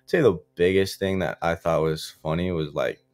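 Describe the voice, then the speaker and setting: A man's voice: sits low, fairly even intonation, normal speed, darkish tone. A young man, a college football player from Florida, telling stories in a loose interview chat full of likes and restarts. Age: young adult. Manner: loose, filler-heavy, frequent likes and restarts. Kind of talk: casual interview storytelling.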